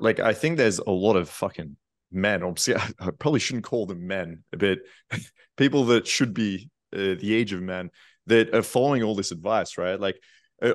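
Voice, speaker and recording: A man's voice: low voice, no room sound, studio quality. A male dating coach on a panel who asks probing questions in a casual, profane way, full of fillers.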